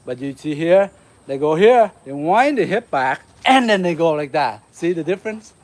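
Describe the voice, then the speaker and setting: A man's voice: animated, normal speed. A man with a Vietnamese accent teaching a live martial arts lesson, counting and calling out strikes as he demonstrates. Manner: demonstrating moves, counting, shouting "boom".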